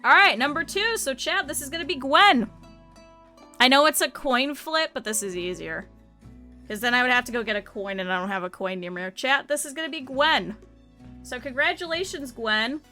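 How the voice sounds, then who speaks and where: A woman with a slight lisp chats with her viewers while she plays a game, bright-toned and a little high-pitched. She talks fast and lively, with bursts of laughter, and faint music plays behind her. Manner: chatty and animated, often laughing. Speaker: streamer. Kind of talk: casual gameplay chat with viewers.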